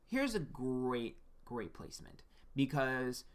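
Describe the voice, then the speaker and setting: A man's voice: medium pitch, big pitch swings, slow pace. A man giving a casual, frank one-on-one birth chart reading as an astrologer, talking straight to the listener and checking in with "okay?" and the occasional swear.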